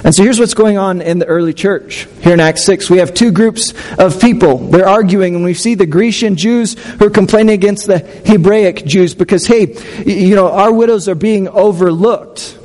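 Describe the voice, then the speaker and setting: A man's voice: sits high, a little mellow, in a large hall. A man preaching a sermon as pastor, talking in a conversational way with restarts and questions to the congregation.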